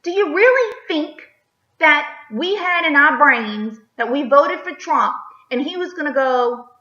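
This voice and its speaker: A woman's voice: sits high, expressive, measured pace, sharp tone. A woman vlogger delivering an emphatic opinion rant, firing rhetorical questions and tagging lines with "okay?". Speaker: political vlogger. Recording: echoey, slightly dull.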